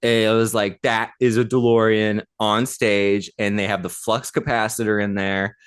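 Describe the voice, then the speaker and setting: A man's voice: fairly low pitch, flat delivery, moderate pace, smooth. A man in his thirties, a podcast co-host, chatting casually and telling a story with enthusiasm and lots of fillers. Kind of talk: casual chat.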